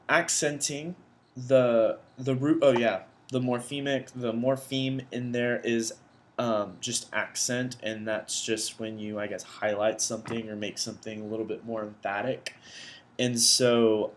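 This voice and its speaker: A young man talks through vocabulary terms for a class assignment, at a middle pitch. He explains casually and thinks aloud as he goes, recorded indoors at his computer. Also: steady tone, a little slow. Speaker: education student presenting vocabulary.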